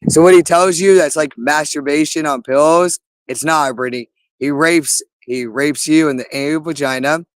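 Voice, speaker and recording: A man's voice: a little high, fairly even intonation, moderate pace, no room sound. A man in an agitated, rambling monologue, cursing often and repeating himself. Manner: agitated, profane, repetitive.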